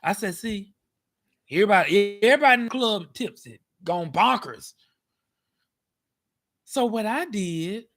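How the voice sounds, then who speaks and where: A man telling a story in a casual vlog, animated and dramatic, acting out the scene. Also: high-pitched, measured pace, pauses often. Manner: animated, dramatic, acts out scenes with cries and shouts. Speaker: vlogger. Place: parked car.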